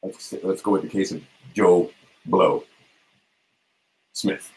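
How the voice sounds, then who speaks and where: Husky low-voiced man lecturing informally. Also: fairly even intonation, darkish tone, low-quality recording. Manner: rhetorical, keeps checking in with "right?"; answers his own questions, halting with fillers. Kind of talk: informal lecture to a small audience.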